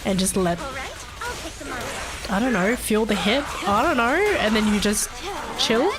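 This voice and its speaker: A woman's voice: mid-range voice, a little slow. A young woman streaming live, chatting casually with her chat, swearing and laughing often, her nose blocked so she sounds stuffy.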